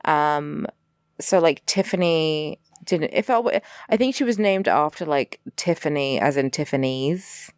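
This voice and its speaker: A woman's voice: sits low, unhurried, a little mellow, clear, resonant tone, dry recording, clean studio sound. A woman co-hosting a podcast, wryly recapping a TV episode in casual chat and quoting characters with exaggerated voices. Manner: chatty, wry, quotes characters with exaggerated voices. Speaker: podcast co-host.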